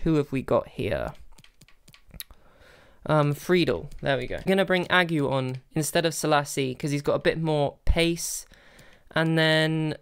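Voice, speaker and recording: A young man commentating his own football video game, bursting into exasperated shouts and then settling into calm planning. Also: fairly high pitch, clear, resonant tone. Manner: excitable, swings between exasperated outbursts and calm planning. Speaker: gaming video creator. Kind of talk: live gameplay commentary.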